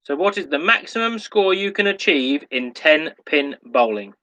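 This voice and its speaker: A man hosting an online pub quiz, reading each question slowly and repeating it, and laughing at himself when he stumbles over a word. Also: a little high, animated, pushed and bright, poor audio. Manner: self-mocking when tongue-tied. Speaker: quiz host.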